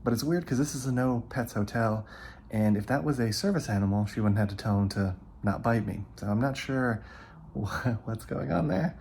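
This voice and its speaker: A man's voice: mid-range voice, moderate pace, vocal fry, darkish tone, slight background noise. A man vlogging, casually telling a story to the camera and acting out what people said. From California. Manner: chatty, retells events with quoted asides. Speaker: travel vlogger.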